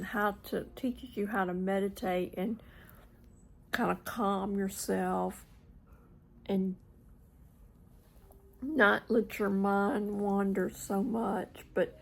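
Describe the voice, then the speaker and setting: A woman's voice: mid-range voice, vocal fry, darkish tone, poor audio. A woman chatting casually to camera at home, rambling, trailing off and slipping into whispered asides. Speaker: vlogger. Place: at home in front of a mirror.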